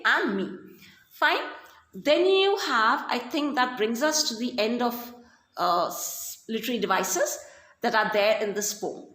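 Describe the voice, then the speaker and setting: A woman's voice: a little high, pushed and bright. A woman with an Indian English accent teaching a recorded class, explaining step by step and often checking in with "okay" and "fine". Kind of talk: recorded online class lesson. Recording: roomy echo.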